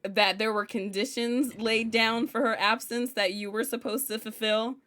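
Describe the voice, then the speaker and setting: A woman's voice: fairly high pitch, steady tone, normal speed, fairly bright tone. Theatrical, teasing woman podcast host. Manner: mock-indignant, teasing, theatrical. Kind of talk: casual podcast chat.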